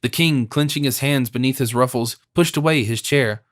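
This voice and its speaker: A man narrating a classic novel in a measured, formal storytelling manner on a close studio mic. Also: mid-range voice, a bit bright, no room sound. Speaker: audiobook narrator. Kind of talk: scripted narration.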